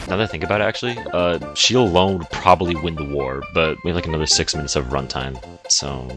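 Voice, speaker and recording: A man's voice: extremely low pitch, fast, loud music behind the voice. A man giving offhand, joking commentary. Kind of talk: casual commentary.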